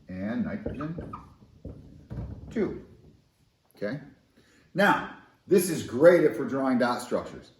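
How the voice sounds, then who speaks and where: A man teaching chemistry in a lively, conversational, enthusiastic way, in a recorded classroom lesson. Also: medium pitch, roomy sound, a little hiss or hum, poor audio.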